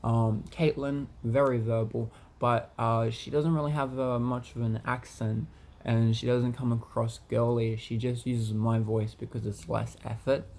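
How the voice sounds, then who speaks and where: A man's voice: mid-range voice, flat delivery, a little slow, darkish tone, a little hiss or hum. A man talking casually to camera in a vlog, hesitant, with many ums and repeated words. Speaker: vlogger.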